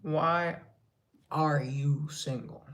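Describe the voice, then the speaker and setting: Slow-talking man answering live chat. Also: a little high, steady tone, a bit bright. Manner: reads chat aloud, drops into whispered asides. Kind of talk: casual live-stream chat.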